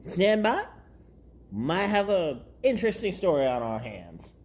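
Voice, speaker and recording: Low-voiced woman podcast co-host. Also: very animated, a little slow, a little mellow. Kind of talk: casual podcast chat.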